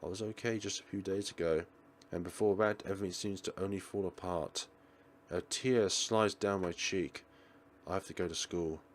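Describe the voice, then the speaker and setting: A man reading the lines of a guilt-stricken teenage schoolgirl in a visual novel, in a hushed, somber, despairing way. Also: low-pitched, steady tone, moderate pace, slight background noise, pitched below the performer's own voice, natural voice.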